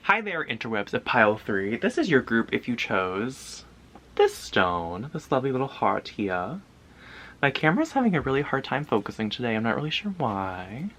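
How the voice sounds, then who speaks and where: A man's voice: mid-range voice, big pitch swings, moderate pace, a bit bright, slight background noise. A man giving a casual pick-a-card tarot reading to his viewers, talking in a rambling, loose way with lots of fillers and the odd swear.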